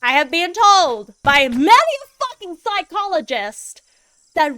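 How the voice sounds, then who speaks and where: A woman's voice: extremely high pitch, sing-song, measured pace, bright, forceful tone, no echo, low-quality recording. A woman streaming a game as a VTuber, chatting casually in a goofy, laid-back way and swearing freely.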